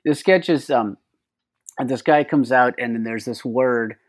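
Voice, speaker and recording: A man's voice: medium pitch, unhurried. A man co-hosting a podcast, chatting casually and retelling a comedy sketch with lots of asides. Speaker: podcast co-host. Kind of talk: casual chat.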